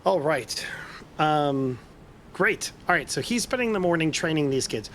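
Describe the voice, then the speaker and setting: Man, game master, narrating a tabletop game, slightly higher voice, loose and filler-heavy. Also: lively intonation, a little slow, fairly bright tone, slight background noise.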